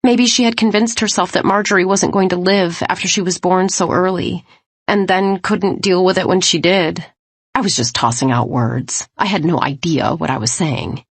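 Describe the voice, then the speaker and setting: A woman's voice: on the low side, normal speed, breathy edge, dry recording. A woman narrating a romance audiobook in the first person, earnest and questioning.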